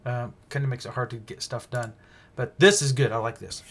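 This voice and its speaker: A man's voice: medium pitch, fairly even intonation, a little fast, fairly bright tone, slight background noise. A man hosting a casual livestream Bible study, thinking aloud with frequent restarts and fillers.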